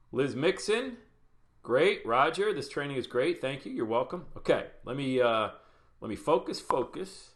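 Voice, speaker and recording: A man running a live online podcasting workshop, talking fast and chatty, greeting viewers by name as he shares his screen. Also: mid-range voice, a bit bright, a little hiss or hum. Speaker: podcast coach. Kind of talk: live webinar training.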